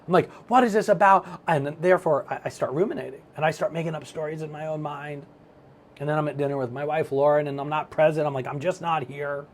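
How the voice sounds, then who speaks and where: Animated middle-aged man, slightly high voice. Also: quick pace. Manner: animated, storytelling, acts out his own thoughts. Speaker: self-help speaker. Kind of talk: motivational talk to camera.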